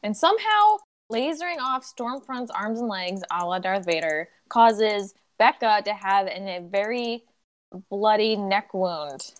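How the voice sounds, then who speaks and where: A woman's voice: medium pitch, animated, measured pace, dry recording. A woman co-hosting a podcast, chatting expressively about a TV show and laughing often. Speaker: podcast co-host. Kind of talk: casual chat about a TV show.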